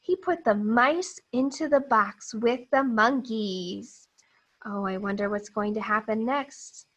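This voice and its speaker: A woman teacher gives young children a phonics lesson, reading a picture book aloud and modeling the sounds slowly, with exaggeration and encouragement. Her voice is fairly high and fairly bright with a breathy edge, on a low-quality recording.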